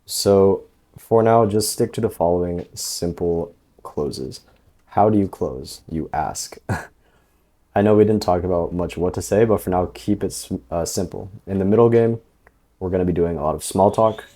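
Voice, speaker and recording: Deep, mellow-voiced male dating coach. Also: normal speed. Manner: relaxed, loose, lots of fillers like "um" and "like". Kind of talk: casual instructional voice-over.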